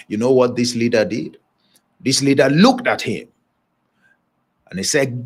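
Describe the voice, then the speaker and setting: A man's voice: medium pitch, animated, slow pace, long pauses, breathy edge. A man giving a motivational leadership talk, stressing points by repeating phrases and chuckling now and then. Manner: emphatic preaching delivery with chuckles. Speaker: leadership speaker.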